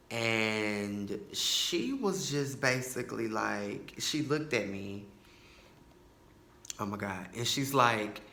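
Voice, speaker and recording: Bright-voiced man telling a story. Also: fairly low pitch, animated, takes it slowly, roomy sound. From Tyler, Texas. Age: 20s. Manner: chatty, many fillers and asides. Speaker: podcast host. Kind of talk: casual personal storytelling.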